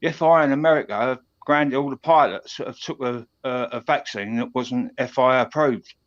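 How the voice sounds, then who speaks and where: A man's voice: medium pitch, brisk, dull audio. A middle-aged man from East London with a Cockney accent, rambling with many restarts as a caller on a stream. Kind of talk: casual chat.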